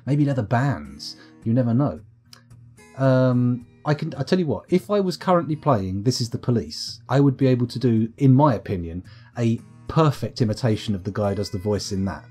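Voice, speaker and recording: A man's voice: mid-range voice, expressive, moderate pace, dark tone, breathy edge, soft background music. A British man with a sore throat, chatting and joking self-deprecatingly as he streams a game live from home. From United Kingdom. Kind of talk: live let's-play commentary. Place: at home, upstairs room.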